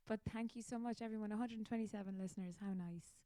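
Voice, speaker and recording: An Irish woman hosting her own show in a loose, chatty ramble, poking fun at herself as she goes. Her voice is mellow and warm, recorded dry and close. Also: mid-range voice, fairly even intonation, normal speed, no echo. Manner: rambling, chatty, self-mocking. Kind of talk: casual chat.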